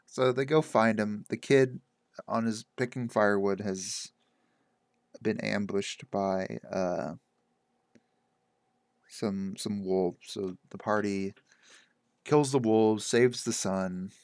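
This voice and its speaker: Low gravelly man rambling casually. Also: fairly even intonation, takes it slowly, pauses often, a little mellow, no room sound, studio quality. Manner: meandering, loose, lots of "like" and "uh". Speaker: game master recounting a session.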